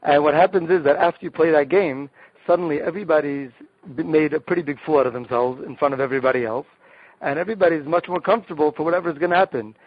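Fast and breathy at the edges, this fairly high male voice belongs to a rabbi who is a guest on the show. He enthusiastically lays out group games stage by stage, repeatedly restarting what he's saying. The sound is dry, dull and lo-fi.

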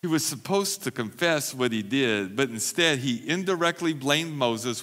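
A man's voice: mid-range voice, expressive, measured pace, a bit bright. A man preaching a sermon as pastor at a church recovery meeting, emphatic and repeating phrases for stress.

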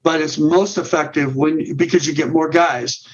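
A middle-aged man explains a ministry plan point by point in a podcast interview. His voice sits a bit high and he restarts and repeats words as he goes. The recording sounds dull and muffled. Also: fairly even intonation, normal speed. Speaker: guest, men's ministry director.

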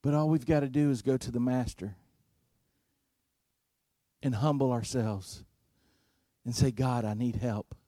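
A man preaching a sermon, telling a story slowly and deliberately, his volume rising and falling for effect. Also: mid-range voice, mellow, no echo, clean studio sound. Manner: slow, deliberate preaching with dramatic swings in volume.

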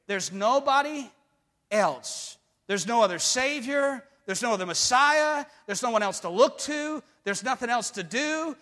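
A man preaching a sermon with emphatic delivery that swings between hushed and loud. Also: extremely high pitch, lively intonation, unhurried. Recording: long hall reverb.

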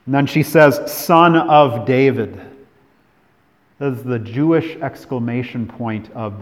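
Pastor guy from california preaching, goes loud then real quiet, big echoey church hall. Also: mid-range voice, slow. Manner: dramatic preaching, swinging from emphatic to hushed. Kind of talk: sermon. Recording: long hall reverb.

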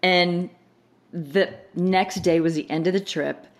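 A woman's voice: fairly low pitch, slow pace. A woman telling a personal story in a casual chat, acting out the voices of the people she quotes. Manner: animated retelling, laughing through quoted lines. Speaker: guest.

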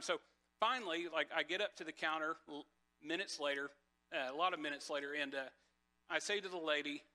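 Pastor, man, slightly high bright voice, chatty sermon with a personal story, loose and conversational. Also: brisk. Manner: conversational, many fillers and restarts.

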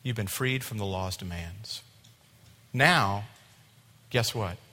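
A male pastor preaching a sermon, animated, acting out voices and dropping to a quiet tone at times. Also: on the low side, slow. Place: church sanctuary. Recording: long hall reverb.

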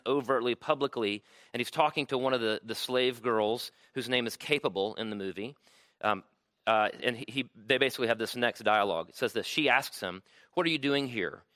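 A man's voice: mid-range voice, sharp tone, no echo. A man preaching a sermon to a room, conversational and checking in with "right?" often. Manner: conversational, frequent "right?" tags. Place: room with audience.

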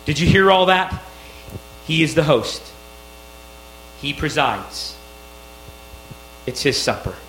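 A man's voice: on the high side, animated, takes it slowly, pauses often, a bit bright. A male pastor preaching a sermon, emphatic and rising on key phrases. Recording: echoey room with mains hum.

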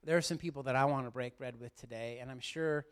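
A man's voice: mid-range voice, fast talker, clear, resonant tone. A middle-aged man, a pastor, giving an earnest, heartfelt sermon and speaking directly to his congregation in church. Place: church sanctuary.

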